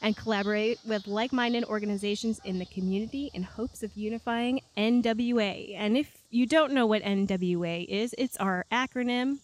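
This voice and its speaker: A woman from New York hosting a casual podcast chat, bubbly and quick to laugh, recorded on a back deck at night. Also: mid-range voice. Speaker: podcast host.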